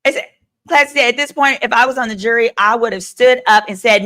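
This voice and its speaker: A woman attorney hosting a live stream, giving sassy, animated legal commentary and talking straight to her viewers. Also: a little high, a little fast.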